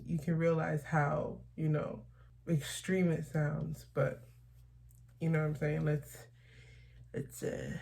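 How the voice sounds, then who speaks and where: A young woman talking openly and haltingly in a confessional personal vlog. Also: sits low, vocal fry, darkish tone, slight background noise. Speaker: vlogger.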